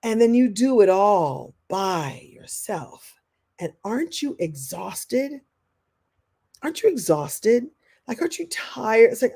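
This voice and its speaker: A woman teaches a live online masterclass, speaking as a motivational coach. Her voice is warm and mellow, and she keeps the talk animated, acting out the things people say and reading out comments from viewers as she goes. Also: fairly high pitch, takes it slowly, vocal fry, breathy edge. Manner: animated, acts out quoted voices; reads and answers viewer comments.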